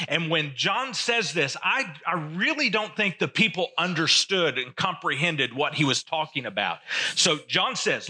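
A man preaching a sermon, who slows down to stress key phrases and asks listeners to repeat them. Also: a little high, bright, forceful tone. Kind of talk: sermon teaching.

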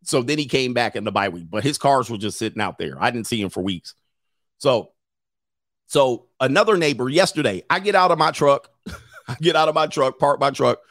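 A man's voice: mid-range voice, lively intonation, fairly quick, a bit bright, no echo, clean studio sound. A middle-aged man hosting a livestream, telling stories casually, laughing often and acting out other people's voices. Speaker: livestream host.

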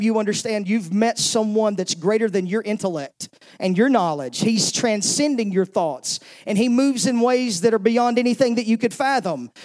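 High-voiced emotional male pastor preaching. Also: a little mellow. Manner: emotional, repeats and restarts words, urgent. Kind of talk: sermon.

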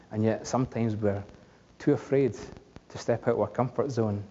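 A man's voice: fairly low pitch, fairly even intonation, moderate pace, dark tone. A man preaching a conversational sermon, asking the congregation questions along the way. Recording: dull lo-fi recording with long hall reverb.

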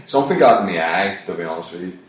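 A man in his thirties with a fairly low voice tells a profane comic story, swearing through almost every line. He jumps his voice up when he quotes shouts. He sounds set back from the microphone in a strongly echoing room. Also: lively intonation, rapid-fire. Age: 30s. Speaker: comedian. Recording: very echoey room, mic at a distance.

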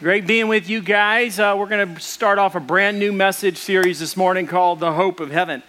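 Pastor guy giving a sermon, high bright voice, tells funny stories. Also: steady tone, moderate pace. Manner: storytelling with jokes.

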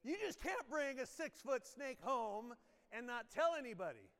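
A man's voice: very high voice, very animated, moderate pace, fairly bright tone. A middle-aged man, a pastor, preaching a sermon to his congregation in a casual, storytelling way and asking them questions. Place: church sanctuary. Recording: long church reverb.

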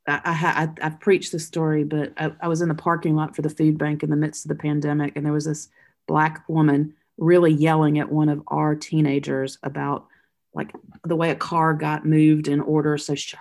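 Woman pastor, low and gravelly, reflective storyteller who pauses and restarts. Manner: thoughtful, halting, with soft laughs.

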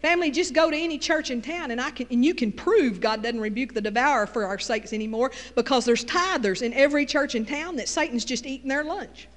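A woman's voice: high voice, fairly quick, hardly any pauses, long reverb tail. A middle-aged woman with a Texas Southern accent, preaching a folksy sermon with call-and-response asides.

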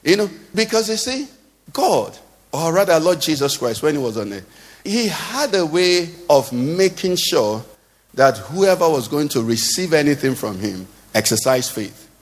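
A man's voice: a little high, very animated, a little slow. A man with a Nigerian accent preaching a sermon, often putting questions to the congregation in a rising, singsong cadence. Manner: rhetorical questions to the congregation, sing-song cadence. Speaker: pastor. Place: church hall. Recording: long hall reverb.

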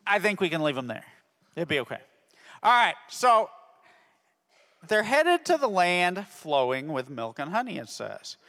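A man's voice: high voice, big pitch swings, unhurried, long pauses, fairly bright tone. A man telling a Bible story to children as a ministry teacher, constantly checking in with "okay?". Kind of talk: Bible story lesson for kids. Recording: long reverb of a hall.

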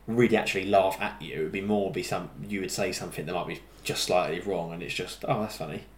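A man's voice: low-pitched, steady tone, quick pace. A young man, chatting casually and reassuringly with his partner, rambling a little with restarts. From England. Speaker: partner in a couple chat. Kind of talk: casual chat. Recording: echoey room with faint noise.

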